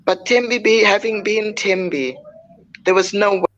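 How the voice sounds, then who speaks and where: Older woman, interview guest, measured and heartfelt, dull lo-fi stream sound. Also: mid-range voice, fairly even intonation, fairly bright tone. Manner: measured, heartfelt, pausing often. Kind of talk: personal storytelling in an interview.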